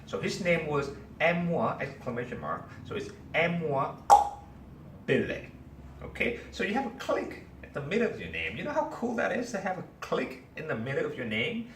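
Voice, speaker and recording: A man teaches a class, animatedly telling a story and putting questions to his students. His voice sits on the high side and moves a little fast with hardly any pauses. The echoey room is picked up by a distant mic, with faint ambience and slight background noise.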